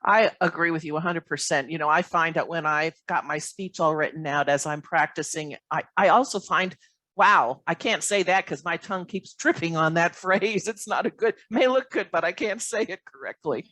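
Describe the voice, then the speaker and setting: A woman's voice: fairly low pitch, moderate pace, fairly bright tone, dry recording. A woman moderating a Q&A, asking questions in a friendly, conversational way over a video call. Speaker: interviewer, Q&A moderator. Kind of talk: hosted Q&A.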